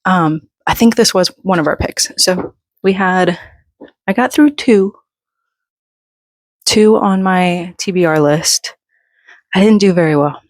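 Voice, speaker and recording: A book vlogger in her thirties, slightly breathless, makes casual, rambling, self-deprecating chat from the floor of her bedroom. Her fairly low voice moves a little slowly, and the recording is dry.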